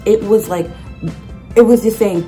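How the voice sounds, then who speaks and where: A young woman vlogging in a casual, animated way, sarcastic and full of restarts. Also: medium pitch, unhurried, over music. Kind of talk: casual chat.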